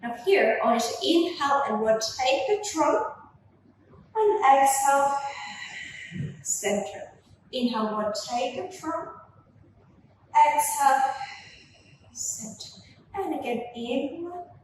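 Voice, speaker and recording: A young woman leading a gentle Pilates workout with slow, soothing cues, filmed on a camera from across the room. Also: sits high, animated, a little hiss or hum. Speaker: Pilates instructor. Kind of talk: guided workout instruction. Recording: echoey room, voice from a distance.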